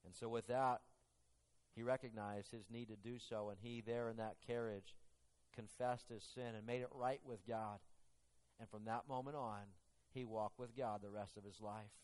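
A man preaching a sermon and telling a story, earnest and halting, often restarting his phrases. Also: lowish voice, fairly even intonation, a little mellow.

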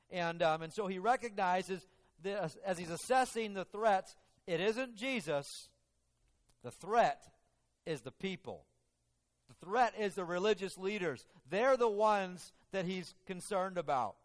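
A man preaching a sermon, telling the story in an animated way and acting out the quotes. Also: high voice, a little slow, big-room sound. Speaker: pastor.

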